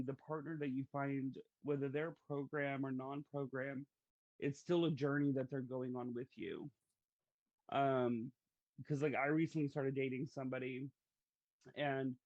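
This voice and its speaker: A man's voice: medium pitch, fairly even intonation, moderate pace, dry recording. Chatty man with a dull, dry sound. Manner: chatty, storytelling, uses fillers. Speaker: podcast host. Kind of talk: casual conversation.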